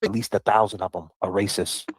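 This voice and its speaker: A man's voice: fairly low pitch, fairly even intonation, brisk, faint music behind. A man arguing his point bluntly in a casual online video. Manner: blunt, argumentative.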